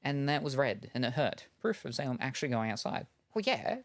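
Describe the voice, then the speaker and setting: A man's voice: medium pitch, very animated, brisk. A man chatting casually on a live stream while unboxing, rambling and chuckling between remarks, on a headset.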